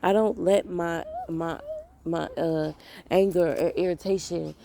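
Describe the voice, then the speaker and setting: Gravelly low-voiced woman telling a story. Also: fairly even intonation, unhurried, dark tone, a little hiss or hum. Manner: rambling, repeats phrases, quotes people in voices. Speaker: mother of young kids. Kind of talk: casual storytelling vlog.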